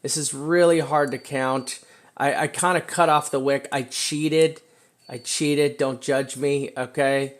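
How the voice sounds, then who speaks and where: A man walking through crypto price charts in casual talk, full of fillers and a repeated "right?", slowing down to stress his warnings. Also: mid-range voice, steady tone. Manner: talks fast and loose with many fillers, repeated "right?".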